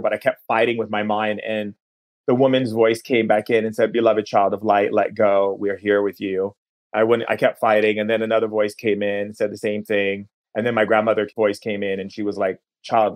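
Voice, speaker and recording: Speaking at a fairly low pitch, a man appearing as a podcast guest shares a personal story. He is earnest and unhurried, often slowing to dwell on particular words.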